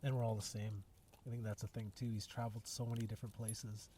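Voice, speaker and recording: A man's voice: fairly low pitch, level tone, quick pace, mellow. A man hosting a podcast, talking in a reflective, earnest way with many restarts. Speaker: podcast host. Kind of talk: casual conversation. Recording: distant mic with faint noise.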